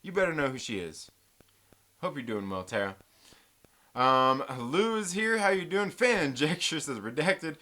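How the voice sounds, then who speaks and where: A bright, fairly high-pitched man from the West Coast hosts a casual live stream, reading chat messages aloud and joking around. His talk is loose and chatty, with a clear, forward tone. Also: very animated, moderate pace. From American West Coast. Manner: chatty, reads out viewer messages and jokes around.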